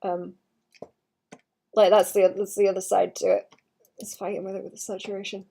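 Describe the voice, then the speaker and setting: This young adult woman speaks at a moderate pace in a medium-pitched, gravelly, warm voice with flat delivery. As a streamer painting live, she comments casually, thinking aloud, abandoning and restarting sentences and muttering asides now and then.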